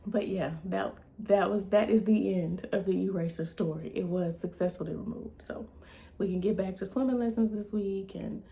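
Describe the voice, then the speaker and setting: A woman vlogger and mother casually retelling a story to her camera in a chatty, animated way. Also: medium pitch, normal speed, gravelly, hardly any pauses.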